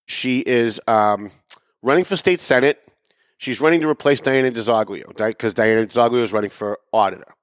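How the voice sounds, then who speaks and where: A male show host delivering an opinionated political commentary monologue at an average pitch. His tone is sarcastic and emphatic, jumping up for pointed jabs and dropping into low muttered asides. The recording is close and dry. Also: brisk, clear, resonant tone, dry recording. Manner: swings between loud raised emphasis and low muttering.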